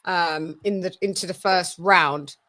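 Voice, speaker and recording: A woman's voice: fairly low pitch, fairly even intonation, measured pace, sharp tone. A British woman hosting a casual online show, chatty, laughing and loose with her words. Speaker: host. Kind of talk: casual chat.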